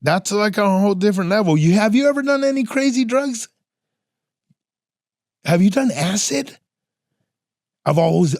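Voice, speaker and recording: Male podcast host; casual, profane storyteller who acts out his stories; a bit high-pitched, dry sound. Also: lively intonation, normal speed, pauses often, darkish tone, dry recording. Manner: slangy and profane, peppers talk with "fool" and "dog".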